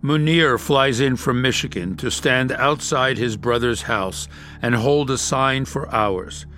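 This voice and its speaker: Guy narrating a documentary podcast, mid-range voice, measured and matter-of-fact, soft music behind. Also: medium pitch.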